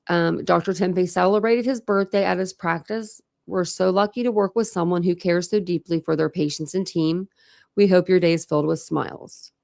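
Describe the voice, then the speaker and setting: A woman's voice: on the low side, gravelly, darkish tone. A woman hosting a true crime channel, chatting casually and thinking aloud as she reads out records. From Ohio. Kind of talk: casual case discussion, reading out records.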